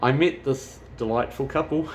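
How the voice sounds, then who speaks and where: A man's voice: medium pitch, normal speed, slight background noise. A man chatting casually as a travel vlogger, rambling and swearing freely. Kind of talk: casual chat.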